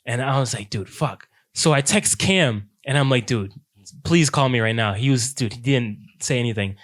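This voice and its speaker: A young man on a podcast, telling a workplace story to his friends in a casual, animated way, with "dude" in nearly every line. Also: medium pitch, moderate pace. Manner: animated, says "dude" constantly, quotes himself and others. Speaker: podcast co-host.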